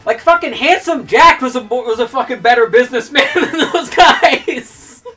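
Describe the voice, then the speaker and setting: A young woman with a bright, forceful voice, pitched a little high, rants at a stream audience. She is heated and profane, and she laughs between outbursts. Faint music plays behind her. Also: moderate pace, slightly rough. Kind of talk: ranting livestream commentary.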